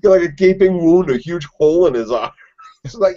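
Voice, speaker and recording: A man's voice: sits high, expressive, normal speed, mellow, lo-fi sound. Laughing man joking about TV. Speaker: podcast co-host. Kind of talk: casual TV recap chat.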